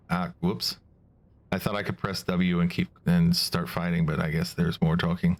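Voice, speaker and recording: A man's voice: low voice, little pitch movement, moderate pace. A man streaming a building game, chatting casually and reading the dialogue aloud. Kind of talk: casual gameplay commentary.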